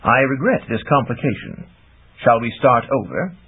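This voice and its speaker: A grave, self-assured magician villain speaks in formal, measured words, as a male reader voices him. The voice is husky and animated, and the audio is narrow like a phone line. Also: medium pitch.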